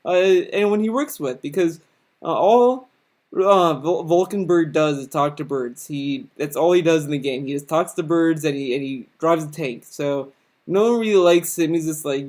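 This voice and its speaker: A man's voice: a little high, a little mellow. Rambling, profane man with a raised voice. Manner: rambling, crude and profane, frequent fillers and restarts; mocking, puts on quick sarcastic quoted voices. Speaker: video host. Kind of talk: casual comedic character rundown.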